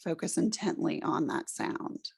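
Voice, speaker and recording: A middle-aged woman leading a room through a guided relaxation exercise, giving slow, soothing instructions. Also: low voice, vocal fry, a little mellow, husky. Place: presentation room with an audience.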